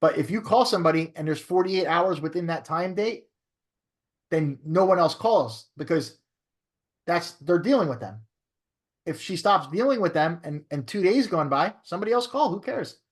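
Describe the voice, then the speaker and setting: Fairly high-voiced man coaching a class. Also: expressive, normal speed. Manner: coaching, repeats "right?" to check understanding. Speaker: real estate broker and trainer. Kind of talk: training class talk.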